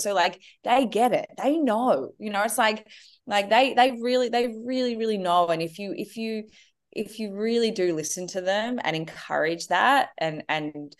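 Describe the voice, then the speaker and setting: Animated woman in her thirties. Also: lowish voice. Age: 30s. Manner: animated, acts out her kids' voices. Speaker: guest. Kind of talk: casual conversation.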